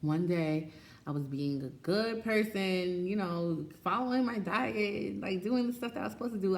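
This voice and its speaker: A woman's voice: on the low side, moderate pace, a little mellow. A woman vlogging casually, talking frankly and chattily and laughing often. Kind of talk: candid casual vlog talk. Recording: echoey room with faint ambience.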